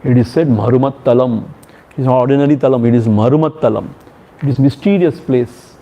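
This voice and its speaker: A man's voice: mid-range voice, fairly quick, warm tone. A man with an Indian accent gives a devotional discourse as a swami. He chants verses and repeats key phrases with emphasis, chuckling between points. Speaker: swami giving a spiritual discourse. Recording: dull lo-fi recording.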